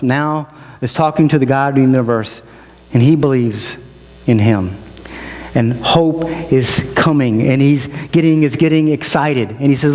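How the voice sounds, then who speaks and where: A man's voice: a little slow, a little mellow. Emotional preacher man in a reverberant hall. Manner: emotional, climbing in pitch and volume as he builds. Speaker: pastor. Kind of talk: sermon. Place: church. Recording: reverberant hall with mains hum.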